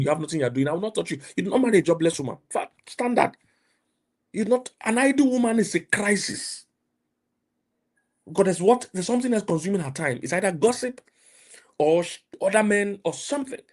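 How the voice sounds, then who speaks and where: Husky-voiced Nigerian man preaching emphatically. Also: high-pitched. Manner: emphatic, repetitive, rising to loud outbursts. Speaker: pastor and mentor. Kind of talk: motivational preaching.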